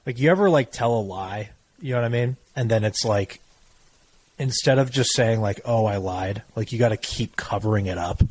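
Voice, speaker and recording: A young man co-hosting a podcast, telling stories in a casual, profane, animated way. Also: mid-range voice, fairly quick, a little hiss or hum, low-quality recording. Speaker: podcast co-host. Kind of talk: casual chat.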